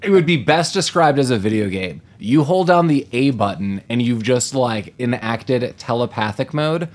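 Male podcast co-host, casual movie chat, animated and quick to laugh. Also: mid-range voice. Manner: animated, laughs often, acts out sounds.

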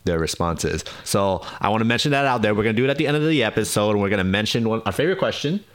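A young man chatting casually on a podcast he co-hosts. He cracks puns and laughs easily, with a lively, up-and-down voice. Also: on the low side, very fast. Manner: playful, punning, laughs often. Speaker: podcast co-host. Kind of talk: casual chat.

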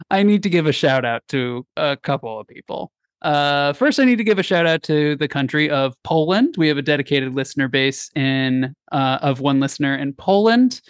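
A man's voice: a little high, no room sound, clean studio sound. A man hosting a casual sports podcast, rambling and self-deprecating with lots of restarts. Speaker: podcast host.

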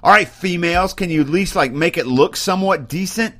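A man's voice: high-pitched, a little fast, pushed and bright. A man, an Army sergeant, hosting an opinion podcast and ranting bluntly and mockingly, getting worked up, recorded on a computer microphone. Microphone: webcam and computer mic.

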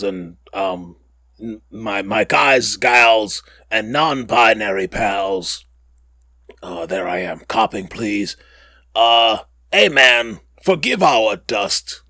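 A man with a somewhat low voice hosts a casual podcast, drawling along at an unhurried pace. He rambles and jokes, catching and correcting himself as he goes. The sound is close and dry. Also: creaky, pushed and bright, dry recording. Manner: rambling and joking, with many fillers and self-corrections. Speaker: podcast host.

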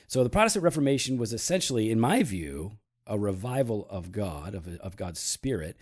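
A man hosting a casual talk show, explaining calmly with many fillers and teasing his co-host. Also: on the low side, a little fast. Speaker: podcast host. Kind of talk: casual teaching talk about church history.

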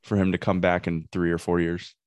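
Male podcast host, deep and dry, casual and rambling, trips over his own questions. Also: little pitch movement, a little mellow, no echo. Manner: rambling, halting, restarts questions. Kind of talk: casual chat.

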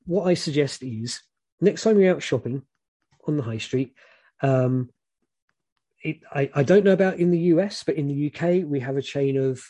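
A British man giving frank, relaxed advice in casual chat, rambling with many fillers. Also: medium pitch, slightly rough.

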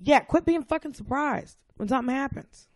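A woman from the American South, a comedian guest on a podcast, telling stories in a blunt, profane, animated way. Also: high voice, brisk, no room sound. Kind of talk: casual chat.

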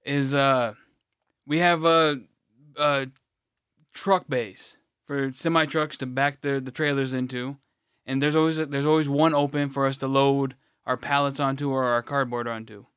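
A man's voice: mid-range voice, fairly even intonation, a little slow, a bit bright, clear, resonant tone, no room sound, clean studio sound. A man co-hosting a podcast, telling a rambling, blunt story in casual chat, swearing freely and restarting his sentences. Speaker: podcast co-host.

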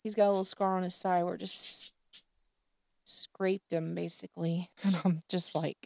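Gravelly low-voiced woman telling a story. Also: level tone, moderate pace, a little mellow. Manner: rambling, many fillers and restarts. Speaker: podcast host. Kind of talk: personal storytelling.

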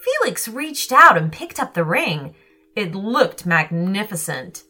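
A woman tells a children's story slowly and expressively, her pitch rising and falling widely. Her voice is bright and a little high, with soft music playing underneath. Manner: slow, expressive, animated. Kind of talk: scripted storybook narration.

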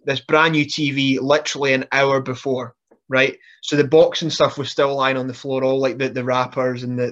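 With a mid-range voice captured on dull audio, a man appearing as a podcast guest spins funny, casual stories. He's animated, laughs his way through them and frequently starts over mid-sentence.

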